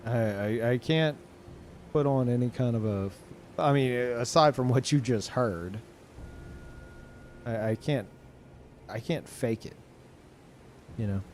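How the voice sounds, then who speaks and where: A young man streaming games, tired and low on energy, rambling in casual chat with lots of swearing, ums and restarts. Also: slow pace, pauses often, a little mellow, a little hiss or hum. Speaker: game streamer.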